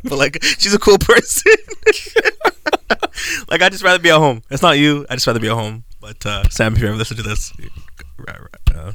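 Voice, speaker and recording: A man's voice: mid-range voice, lively intonation, fairly quick, gravelly, bright, forceful tone, dry recording. A man hosting a casual podcast, rambling through stories and laughing often as he drifts off topic. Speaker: podcast host.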